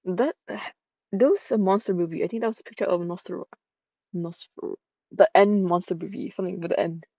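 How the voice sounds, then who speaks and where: A woman's voice: lowish voice, steady tone, brisk, warm tone, no echo, dull audio. A woman streamer reacting to a story game in a playful, giggly way, swearing freely.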